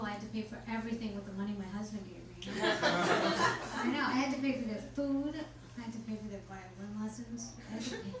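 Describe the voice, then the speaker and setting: A woman's voice: fairly high pitch, distant mic, heavy background noise. Woman doing stand-up in an echoey club. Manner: deadpan punchlines, shouting bursts. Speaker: stand-up comedian. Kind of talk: stand-up comedy set. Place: small comedy club. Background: small crowd laughing.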